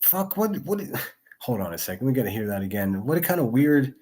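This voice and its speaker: A man's voice: mid-range voice, sing-song, fairly quick, warm tone. A man doing angry reaction commentary as a streamer, crude and mocking, swearing constantly.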